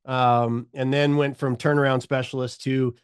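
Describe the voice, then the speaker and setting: A middle-aged man telling his story as a podcast guest, animated, acting out the voices of people he quotes. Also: medium pitch, normal speed, smooth, dry recording, studio quality.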